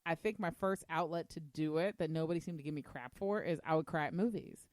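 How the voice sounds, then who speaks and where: A woman co-hosting a podcast in casual chat, telling stories in an animated, chatty way. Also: deep voice, fairly quick, no room sound, studio quality. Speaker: podcast co-host.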